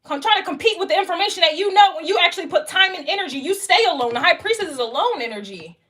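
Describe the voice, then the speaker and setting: A woman's voice: extremely high pitch, lively intonation, fast talker, fairly bright tone. A young woman doing a casual tarot reading, blunt, emphatic and profane. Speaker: tarot reader.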